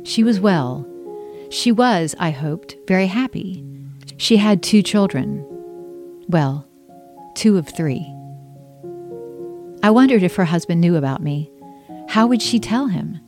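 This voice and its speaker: Memoir narrator: woman author reading her own story, intimate and wry, lower voice. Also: expressive, slow, pauses often, a little mellow, soft background music. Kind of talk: first-person memoir narration.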